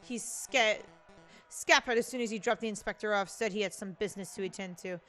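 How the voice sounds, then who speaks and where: A woman's voice: medium pitch, a little fast, bright, forceful tone, faint music behind, close to an everyday voice. A woman playing an earnest falcon lawyer.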